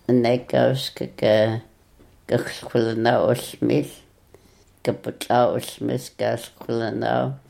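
A speaker on a radio language lesson who translates phrases slowly, pausing and searching for words. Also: medium pitch, level tone, vocal fry, warm tone. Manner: slow, halting, searching for words.

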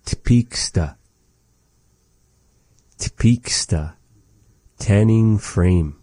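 Man, very low dark voice, unhurried patient teacher repeating words, dry close mic. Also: dry recording. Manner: slow, patient, repeats each word, folksy asides. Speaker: language teacher. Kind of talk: slow vocabulary lesson with repeated words.

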